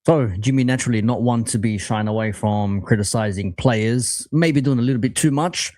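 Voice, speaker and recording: Calm, measured male co-host. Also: medium pitch, dry recording. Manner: measured, explanatory. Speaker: co-host commentator. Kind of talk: live stream commentary.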